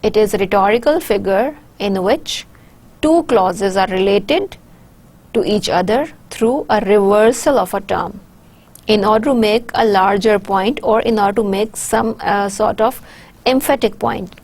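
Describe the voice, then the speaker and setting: A woman with a Pakistani English accent delivers a recorded university lecture. She talks in a measured, explanatory way and often pauses on "uh" while she searches for the next word. Her pitch sits in an ordinary middle range. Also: darkish tone. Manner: measured, with frequent "uh" hesitations.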